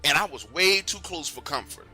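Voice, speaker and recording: A man's voice: a little high, animated, normal speed, bright, forceful tone, husky, soft background music. A man narrating a true story in an emphatic, conversational way, often urging the listener to pay attention.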